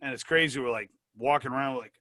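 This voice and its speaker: A man as an interview guest, telling animated, profane anecdotes in casual talk. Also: medium pitch, fast, dry recording. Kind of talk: casual storytelling.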